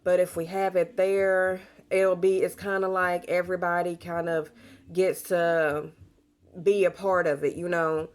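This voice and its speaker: A young adult woman chatting casually to camera as a pregnant vlogger, telling stories in a warm, talkative way with bits of Southern slang. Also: on the low side, level tone, measured pace.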